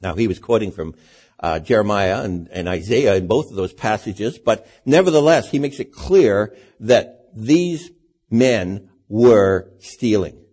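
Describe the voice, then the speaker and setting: A man's voice: fairly low pitch, expressive, unhurried, a little mellow, husky. A man preaching a sermon in a conversational way, asking his listeners rhetorical questions.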